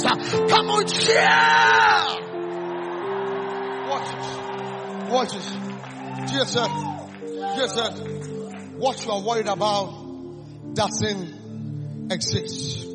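At a church service, a man preaches a call-and-response sermon, shouting exhortations and repeating phrases for the congregation to echo back. His voice is very high and carries vocal fry.

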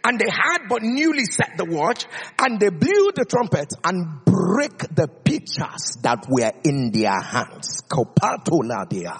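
High, lively preacher in a reverberant hall. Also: male voice, slightly rough. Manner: dramatic, declamatory reading that swings high and low. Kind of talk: sermon with scripture reading.

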